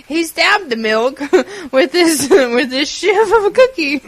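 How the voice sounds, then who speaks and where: A woman co-hosting a gaming podcast, laughing as she stacks up silly jokes. Her voice is high and swings widely in pitch, and she takes her time getting the words out. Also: expressive. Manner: laughing, unhurried, piling onto jokes. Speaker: podcast co-host. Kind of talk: casual comedic chat.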